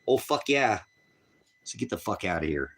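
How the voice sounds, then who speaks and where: A man's voice: lowish voice, very animated, normal speed, fairly bright tone. A man on a ranch ranting angrily on a livestream, profane and taunting. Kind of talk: angry livestream rant.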